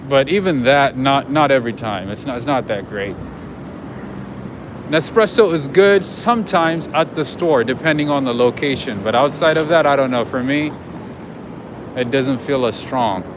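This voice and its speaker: A chatty man talks to his viewers as he walks along a city street at night. His commentary rambles and is full of fillers, with traffic and street noise loud around him. The sound is a bit muffled. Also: mid-range voice, normal speed. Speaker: livestream host. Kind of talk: casual walking commentary to viewers.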